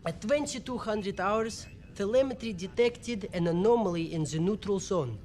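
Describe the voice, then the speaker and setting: A man's voice: high-pitched, lively intonation, moderate pace, a little mellow, pitched above the performer's own voice. An earnest young starship ensign, stiff and formal, speaking in a thick put-on Russian accent, as a man does the voice. The voice sits well above the performer's own and sounds a little distant.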